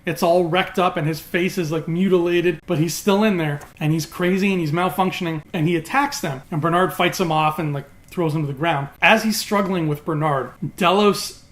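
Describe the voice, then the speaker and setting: A man talking casually as a TV reviewer, recapping in an animated way with quick acted quotes. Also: on the high side.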